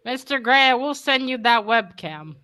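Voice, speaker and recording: A woman's voice: a little high, expressive, moderate pace, pushed and bright. A woman chatting bluntly on a livestream. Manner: blunt, offhand. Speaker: guest on stream. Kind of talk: casual livestream chat.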